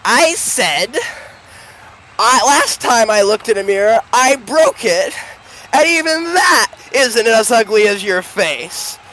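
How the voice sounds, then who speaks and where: Tabletop game: a scornful older woman slinging insults, a man doing her voice, bright and lively. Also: high voice, slow pace, a little hiss or hum, pitched above the performer's own voice, heavily acted, low-quality recording. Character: sharp-tongued older woman, quick with insults.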